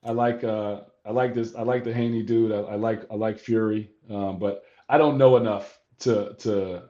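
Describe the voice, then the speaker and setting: Guest type: a measured man with a middle voice who stumbles into his points, dull lo-fi sound. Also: fairly low pitch, steady tone, dark tone. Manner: measured, stammers into his answers. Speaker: guest basketball coach. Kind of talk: casual sports chat.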